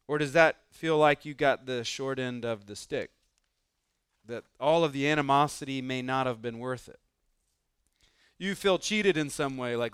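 A man preaching with a smooth, clear voice. The sound is dry and close, with no room echo. He talks in an earnest, conversational way, asking the listeners questions and slipping into voices for the people in the story. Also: mid-range voice, normal speed, pauses often, a bit bright. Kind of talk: sermon.

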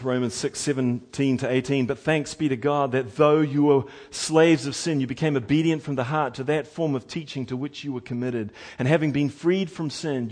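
A man preaching a sermon, animated and emphatic, moving between quiet asides and loud, lively passages. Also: medium pitch. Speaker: pastor.

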